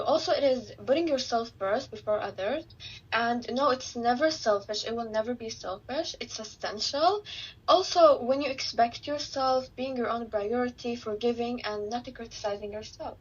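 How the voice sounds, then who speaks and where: Husky, high-voiced teenage girl guest. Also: moderate pace, highs cut off. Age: teens. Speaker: podcast guest. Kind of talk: casual podcast interview.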